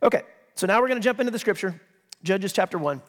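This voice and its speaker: A man's voice: sits high, expressive, quick pace. A male pastor preaching a sermon in a conversational way, reading scripture with emphasis and dropping joking asides. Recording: long reverb of a large hall.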